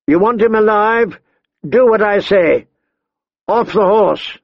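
A man's voice: high-pitched, slow pace, dry recording, pitched above the performer's own voice, heavily acted. A man reading an audiobook, voicing a big bald male outlaw who makes tense, desperate threats, in a dry, slightly dull recording. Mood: threatening.

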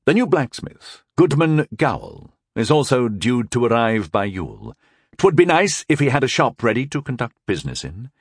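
A man's voice: medium pitch, sing-song, breathy edge, no echo, studio quality. A man voicing a formal, courtly knight. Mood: earnest. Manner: courtly archaic phrasing, measured. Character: formal, dutiful male knight advisor. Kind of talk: audiobook character voice.

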